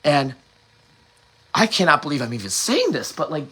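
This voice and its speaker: Angry, bright-voiced man ranting. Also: fairly high pitch, huge pitch swings, normal speed, slightly rough. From United States. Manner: angry, profane ranting with restarts. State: emotional, sighing. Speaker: host. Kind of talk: emotional monologue.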